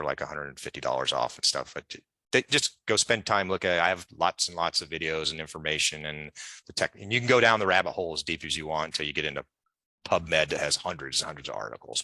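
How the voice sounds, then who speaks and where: With a very deep voice that sounds pushed and bright, this man talks fast in a dry recording. As a guest in an interview, he rattles off long, casual, tangent-filled stories, acting out everyone he quotes.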